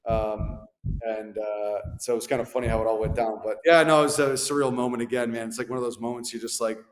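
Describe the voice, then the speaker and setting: A man's voice: mid-range voice, fast. A man in his thirties, a former hockey player, telling laid-back, slangy stories as an interview guest. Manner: laid-back, animated anecdotes with slangy asides. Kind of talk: casual storytelling interview. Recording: echoey room with long reverb.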